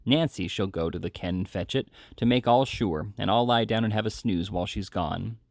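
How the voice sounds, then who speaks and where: A man's voice: fairly low pitch, moderate pace, no echo, clean studio sound, close to an everyday voice. A man reading aloud as a sick, bitter male housebreaker who growls his resentful demands. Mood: surly.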